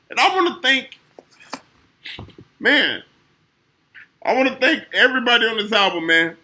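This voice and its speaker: A man's voice: extremely high pitch, sharp tone. A man from co-hosting a podcast, tearful and rambling as he thanks people, casual and profane. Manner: emotional, rambling thank-yous, swearing. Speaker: podcast co-host. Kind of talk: casual chat.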